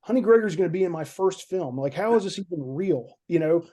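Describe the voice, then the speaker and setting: A man talks through a story on a podcast, circling back and repeating words as he goes. His voice sits a little high, but its tone is dark and mellow. He sounds like an excited guest recounting a film shoot. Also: fast. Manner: rambling, repeats words when nervous.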